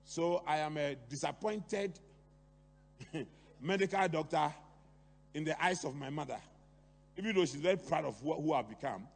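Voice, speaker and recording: Middle-aged pastor preaching in a hall. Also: male voice, fairly high pitch, normal speed, vocal fry, pauses often, breathy edge. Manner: lively preaching with rhetorical questions and asides to the congregation. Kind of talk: sermon. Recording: long hall reverb, faint hum.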